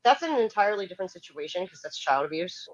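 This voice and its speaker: A woman's voice: on the low side, very animated, fast, highs cut off. A woman co-hosting a podcast, rambling and stammering as she argues and asks questions. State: cold. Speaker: podcast co-host. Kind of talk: casual debate chat.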